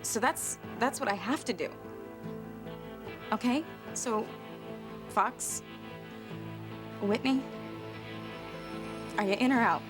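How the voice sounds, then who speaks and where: An actress playing a desperate young mother who talks earnestly in halting bursts. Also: a little high, music in the background.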